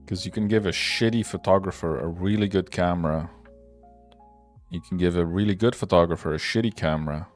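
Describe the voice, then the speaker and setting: Low-voiced man rambling on a livestream. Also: a little fast, faint music behind. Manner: rambling, profane, loose and opinionated. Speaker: livestream host. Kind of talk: casual livestream chat while working.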